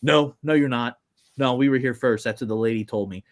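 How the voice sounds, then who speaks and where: A young man spins a long family story on a podcast. He rambles, restarts and stacks fillers as he goes, and he gets animated when the story heats up. His voice sits at an ordinary middle pitch. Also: a little fast. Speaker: podcast co-host. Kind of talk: casual storytelling chat.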